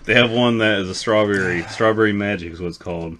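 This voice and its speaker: A man's voice: on the low side, fast, a bit bright, slight background noise. A man co-hosting a casual podcast, chatting in a laid-back way and swearing now and then. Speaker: podcast co-host. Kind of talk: casual chat.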